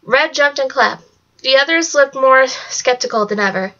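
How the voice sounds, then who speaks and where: A woman's voice: high-pitched, moderate pace, pushed and bright. A woman reading a novel aloud in a plain way, with some stumbles. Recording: dull lo-fi recording.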